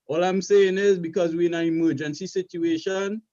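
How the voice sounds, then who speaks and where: A man's voice: high voice, fairly even intonation, a little fast, dark tone, dry recording. A man in a casual panel debate, insistently repeating himself to get a point across. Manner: insistent, keeps repeating to be heard. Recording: dry dull lo-fi audio.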